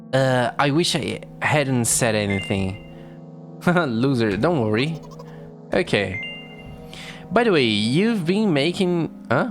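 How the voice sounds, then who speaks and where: A streamer chatting casually and reading a text game aloud with animated reactions. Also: mid-range voice.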